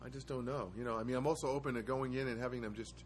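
Man host, mid-pitched, talking loosely to camera in a chatty monologue, rambling with wry asides; faint hiss behind him. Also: fairly even intonation, racing. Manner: rambling storyteller, wry asides, frequent hesitations. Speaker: host of his own live show. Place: studio apartment.

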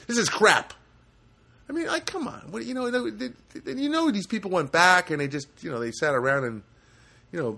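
A man's voice: fairly high pitch, a bit bright. A man delivering a sarcastic, rambling comedic rant with many restarts.

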